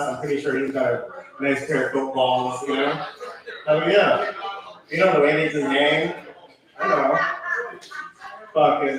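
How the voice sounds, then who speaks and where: Man, stand-up comic, rambling and profane, distant mic, crowd in background. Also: fairly high pitch. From Connecticut, USA. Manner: loose rambling delivery with many ums and profanity. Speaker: open mic comedian. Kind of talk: stand-up set. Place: small venue with live crowd. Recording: echoey room, far from mic, crowd noise.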